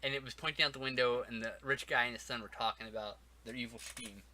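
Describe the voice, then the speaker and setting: A man's voice: medium pitch, steady tone, fast, bright, forceful tone, a little hiss or hum. A man co-hosting a podcast, talking about a film in a rambling, wry way full of "like" and restarts. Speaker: podcast co-host. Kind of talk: casual movie review chat.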